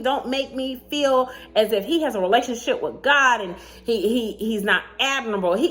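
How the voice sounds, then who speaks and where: A woman with a high voice tells a dating story to her viewers in a casual storytime. Her pitch swings widely as she acts out both sides of the chat, and she is sassy and animated, laughing often along the way. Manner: laughs often while telling. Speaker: vlogger telling a dating story.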